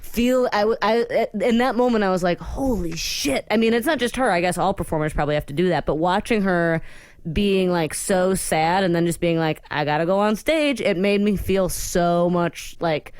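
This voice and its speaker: A woman co-hosting a podcast, her lowish voice smooth and clear. She rambles through long stories, piling on "like" and side comments. The studio sound is dry and close. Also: a little mellow, no echo. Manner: rambling storyteller, many "like"s, quick asides. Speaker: podcast co-host. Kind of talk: casual chat.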